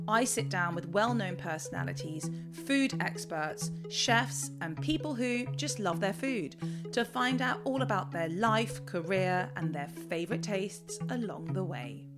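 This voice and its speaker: A woman's voice: on the low side, lively intonation, a little slow, loud music behind the voice. A woman from Iran hosting a food podcast, chatting effusively with a guest. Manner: bubbly, effusive. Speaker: podcast host. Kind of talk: casual chat and read ad.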